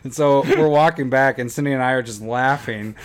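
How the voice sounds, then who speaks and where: A man in his thirties co-hosts a casual podcast, talking at an easy middle pitch. He tells stories with animated bursts and laughs often between his lines. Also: fairly quick, smooth. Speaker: podcast co-host.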